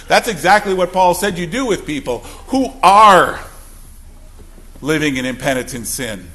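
A man's voice: sits high, expressive, moderate pace, sharp tone. A man preaching a sermon as a pastor, emphatic and full of rhetorical questions.

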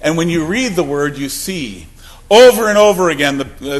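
A man preaching a sermon from the pulpit, swinging from loud declarations to hushed, low passages. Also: lively intonation, unhurried. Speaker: pastor.

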